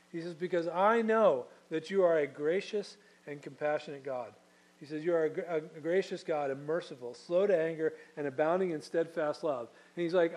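A man's voice: a little high, normal speed, a little mellow, rough recording. A man preaching a sermon in a conversational, storytelling way, with frequent restarts and casual asides. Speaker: pastor.

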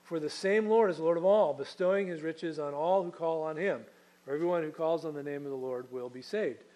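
Male pastor, somewhat high voice, chatty storytelling sermon. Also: a little fast, warm tone, rough recording. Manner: conversational storytelling, frequent restarts and asides.

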